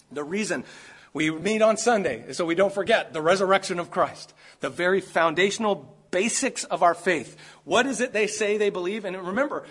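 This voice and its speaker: Husky, high-voiced preacher, under the weather. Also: male voice, fairly bright tone. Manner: emphatic, stacks and repeats key words. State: sick. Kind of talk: sermon.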